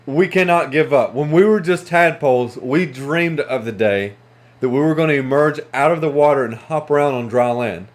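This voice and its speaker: A man's voice: on the high side, moderate pace, natural voice. Brief: stubborn, hopeful older male frog urging his brother on, read by a man in his own voice.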